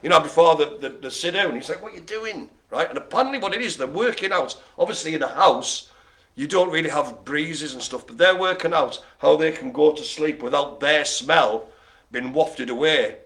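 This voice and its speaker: A man's voice: on the high side, normal speed, a bit bright. A man calling bingo with jokes, banter and playful asides to the players. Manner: jokey, chatty, playful asides. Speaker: bingo caller.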